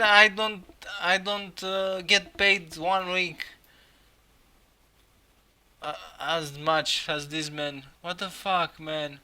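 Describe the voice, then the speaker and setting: A young man live-streaming, reacting in excitement, swearing a lot and laughing often. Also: high-pitched, very slow, pauses often, clear, resonant tone.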